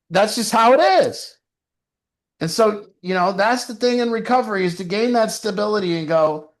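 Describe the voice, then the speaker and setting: Brief: recovery mentor, male, lively and profane, higher-pitched casual talker. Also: a little fast. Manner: animated, swearing, frequent "you know". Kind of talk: casual advice talk.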